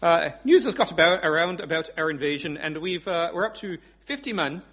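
Man putting on a breezy Irish pub bloke, higher voice, chatty and halting. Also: lively intonation, fairly bright tone. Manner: chatty, breezy, with hesitant fillers.

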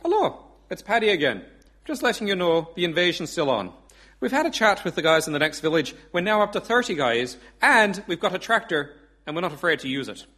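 A man's voice: high voice, very animated, brisk, sharp tone, full character voice. A man voicing a cheerful Irish pub man making phone calls, with an Irish accent and chatty, hesitant delivery. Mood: breezy. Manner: chatty, breezy, with hesitant fillers.

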